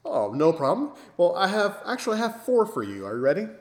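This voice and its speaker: A man's voice: sits high, wildly swooping pitch, fast talker. Playful man setting up jokes. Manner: playful storyteller, sets up jokes. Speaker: podcast host. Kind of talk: casual chat.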